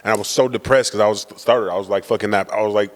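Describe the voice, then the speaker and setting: A man co-hosting a podcast, telling family stories in quick slang and acting out his father's lines. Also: fairly low pitch, fairly even intonation, long reverb tail. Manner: rapid slangy banter, acts out his dad. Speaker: podcast co-host. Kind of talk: casual storytelling chat.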